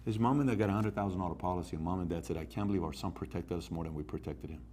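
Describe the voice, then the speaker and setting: A man's voice: low voice, racing, a little mellow, a little hiss or hum. A man giving a motivational talk, telling stories in a punchy way and putting questions to his listeners. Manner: storytelling, punchy, asks the room questions. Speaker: motivational speaker.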